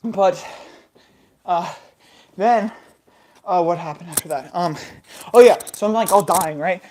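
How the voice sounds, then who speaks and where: A woman's voice: on the low side, a little slow, mellow, a little hiss or hum. A woman hosting, telling a rambling improvised comic story with giggles and silly sound effects. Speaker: host.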